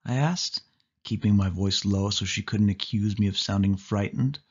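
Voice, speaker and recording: A man reading a children's storybook aloud in steady first-person narration. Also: lowish voice, moderate pace, breathy edge. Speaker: audiobook reader. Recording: dull lo-fi audio.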